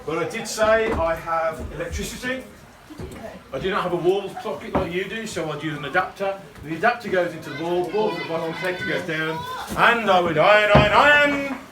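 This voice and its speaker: High-voiced man guide, far off. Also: fairly quick, background noise. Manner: animated, teasing, often shouting. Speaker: costumed shopkeeper guide. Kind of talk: playful call-and-response talk to school group. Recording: roomy, distant mic, loud crowd of children.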